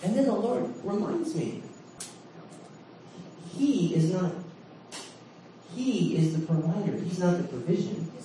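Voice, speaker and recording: A male preacher giving a sermon with animated, jokey storytelling and frequent laughs. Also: sits high, a little slow, pauses often. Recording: echoey hall, distant mic, faint hiss.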